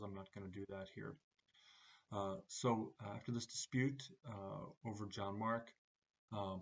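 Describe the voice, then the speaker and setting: A low, gravelly, husky man's voice working through a class lecture in a flat, even delivery. He pauses constantly on "uh" between short phrases. The sound is dull and lo-fi. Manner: halting, many "uh" fillers between phrases.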